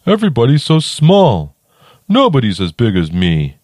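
A man's voice: medium pitch, huge pitch swings, normal speed, a little mellow, no echo, clean studio sound, voice pushed up. A man doing a sulky young dragon. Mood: glum. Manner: earnest, whiny.

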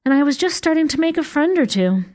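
A woman's voice: high-pitched, big pitch swings, quick pace, a little mellow, pitched above the performer's own voice. A woman doing a whiny little girl witch. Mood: mournful. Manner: whiny and sniffling. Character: timid, mournful young girl witch.

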